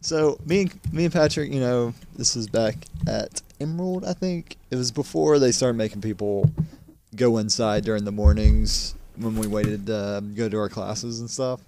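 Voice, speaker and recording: A man's voice: on the low side, moderate pace, dark tone, a little hiss or hum. A young man co-hosting a casual podcast, telling a school story in a rambling way, repeating words and laughing often. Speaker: podcast co-host. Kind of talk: casual chat.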